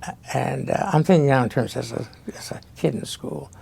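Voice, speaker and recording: A man with an extremely gravelly, husky voice, reminiscing in halting phrases full of fillers. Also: medium pitch, mellow. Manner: halting, filler-heavy recollection. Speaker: interviewee.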